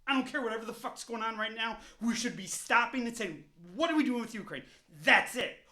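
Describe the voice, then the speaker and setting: A man on his own vlog, ranting in anger about politics. His voice sits high for a man, and he swears constantly, circles back and repeats himself as the fury builds. He sounds openly pissed off throughout. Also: lively intonation, fairly quick, pushed and bright. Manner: heated, profane, repetitive ranting. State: openly angry. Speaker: vlogger. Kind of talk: angry political rant to camera.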